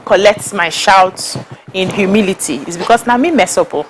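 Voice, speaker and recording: A woman's voice: mid-range voice, moderate pace, noisy background. A Nigerian woman co-hosting a TV talk show, speaking playfully and openly in casual chat. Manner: expressive, playful confessional. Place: TV studio.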